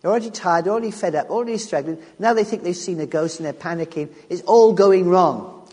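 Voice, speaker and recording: A man's voice: high-pitched, a little fast, a little mellow, slightly rough. A man preaching a sermon on scripture, emphatic and repeating key phrases as he restarts his sentences. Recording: long reverb of a large hall.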